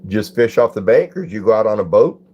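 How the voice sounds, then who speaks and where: This laid-back livestream host, broadcasting from his phone, greets people by name and reads chat comments aloud. He talks fast in a sing-song, slightly rough voice on the low side, and the recording is muffled.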